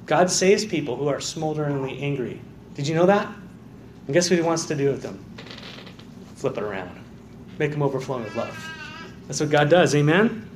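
Pastor, man, high-pitched, preaching with sudden soft drops and loud rises, echoey sanctuary with faint hiss. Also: animated, moderate pace, long pauses. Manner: swings from quiet, low emphasis to loud, fervent calls of "amen". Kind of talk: sermon. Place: church sanctuary.

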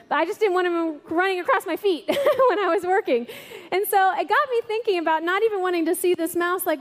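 High-voiced woman preaching in a hall. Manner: animated storyteller, laughing through funny bits. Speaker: church speaker. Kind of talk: sermon with storytelling. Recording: long reverb in a large hall.

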